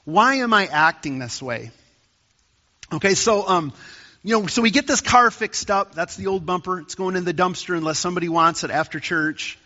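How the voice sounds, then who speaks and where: A man's voice: high-pitched, lively intonation, moderate pace, bright, forceful tone, in a large hall, lo-fi sound. A man preaching a sermon as pastor, telling a personal story in a conversational way with rising emphasis. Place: church.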